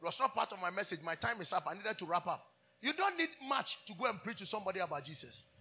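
Male pastor, high husky voice, fervent sermon delivery with call-and-response. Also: big pitch swings, quick pace, sharp tone. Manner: fervent call-and-response preaching, switching between English and Twi.

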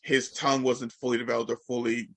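Rambling, bright-voiced man telling stories. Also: medium pitch, level tone, quick pace, husky, no echo. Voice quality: slightly nasal, congested. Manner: rambling, filler-heavy storytelling with lots of "like". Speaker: educator. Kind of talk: casual podcast chat.

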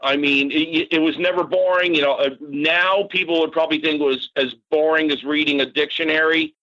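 An older man, a podcast guest, telling casual animated stories with frequent fillers and mild swearing. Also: a little high, brisk, muffled recording. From Massachusetts, grew up in Florida. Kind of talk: casual storytelling.

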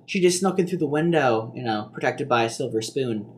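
A man's voice: medium pitch, expressive, fairly quick, crowd noise. A young man co-hosting a podcast in casual chat, joking and rambling with lots of fillers and restarts. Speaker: podcast co-host.

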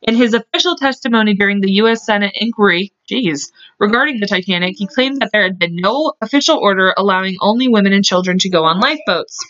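A woman's voice: medium pitch, fast talker, a bit bright, no room sound. Woman podcast host, casual chat, blunt and joking, mid-range voice, muffled lo-fi audio. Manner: chatty and blunt, swears, jokes, mimics film lines. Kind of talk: casual chat, reading out history notes. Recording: dull lo-fi recording.

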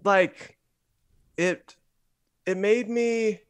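A young man from the San Francisco Bay Area, a musician guest in a relaxed interview, who rambles and corrects himself as he talks. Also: sits high, clean tone, no room sound. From San Francisco Bay Area, USA. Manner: rambling, halting, self-correcting. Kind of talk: casual interview chat.

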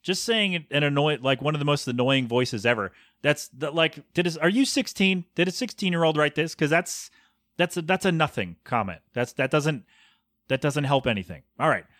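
A thirty-something man hosts a rambling solo podcast rant, sarcastically picking apart a bad review as if he were a professional. His slightly high, somewhat bright voice is expressive at a moderate pace, captured in studio quality on a podcast mic with no room sound.

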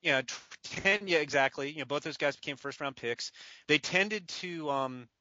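A man casually telling a lively baseball story on a podcast, laughing often and playing out the phone calls. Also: fairly high pitch, normal speed, lo-fi sound, slight background noise. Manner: animated storyteller, laughs often, does croaky voices. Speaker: baseball draft writer.

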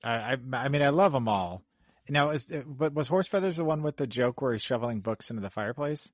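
A man co-hosts a film podcast, trading quick jokes and stumbling over the starts of his sentences. His voice moves up and down a lot, and the sound is close and dry. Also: mid-range voice, expressive, no echo. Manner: joking, stammers at the start of sentences. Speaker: podcast co-host. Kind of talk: casual chat.

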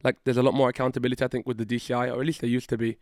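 A man co-hosting a podcast in casual chat, excitable and fond of swearing. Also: mid-range voice, no room sound, studio quality. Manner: animated, swearing, fast and excitable. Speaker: podcast co-host.

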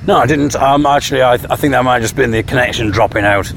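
A man's voice: mid-range voice, fast talker, vocal fry, slight background noise. A man telling stories in a casual vlog, acting out people's voices as he retells them. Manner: mimics voices when retelling. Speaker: vlogger. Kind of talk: casual storytelling monologue. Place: home, eating with partner.

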